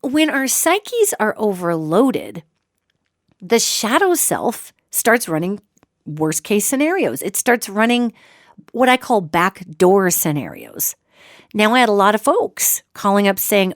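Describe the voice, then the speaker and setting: A woman hosting a solo podcast, talking in an animated, joking way and acting out quoted voices. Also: mid-range voice, slow pace, dry recording, studio quality. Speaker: podcast host.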